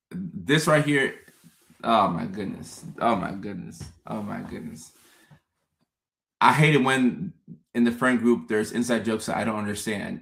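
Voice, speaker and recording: A man hosting a casual live stream, talking straight to his viewers in an animated way, often repeating words and acting out his own confused thoughts. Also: mid-range voice. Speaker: host. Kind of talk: casual livestream talk to viewers.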